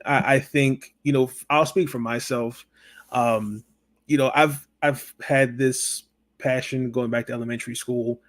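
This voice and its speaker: A man hosting a sports talk podcast, chatting over a video call. He talks hesitantly, repeating words and filling pauses with fillers. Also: mid-range voice, fairly even intonation. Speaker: podcast host. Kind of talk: casual interview chat.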